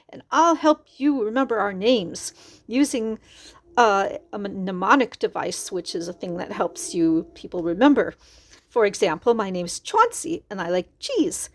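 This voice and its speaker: A woman's voice: medium pitch, animated, moderate pace, natural voice. A woman voicing a tiny, nervous but helpful male mouse in a children's storybook read-aloud, explaining things patiently.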